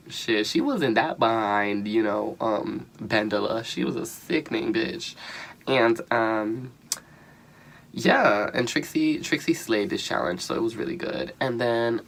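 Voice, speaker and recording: A young man giving a casual spoken review of a show, animated and profane, full of slang and bursts of laughter. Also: medium pitch, slight background noise. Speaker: vlogger reviewing a reality show.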